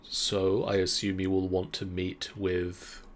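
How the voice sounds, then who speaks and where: A man runs a tabletop game in a dry, laid-back voice. His pitch sits fairly low, and he speaks slowly with small pauses. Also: monotone, a little hiss or hum. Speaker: game master.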